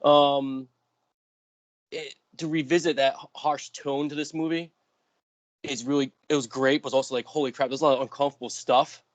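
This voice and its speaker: A man's voice: medium pitch, normal speed, no echo. A man in his thirties co-hosting a casual podcast, eager and restless, tumbling through his words with fillers. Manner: excitable, restless, lots of fillers. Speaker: podcast co-host. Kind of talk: casual chat.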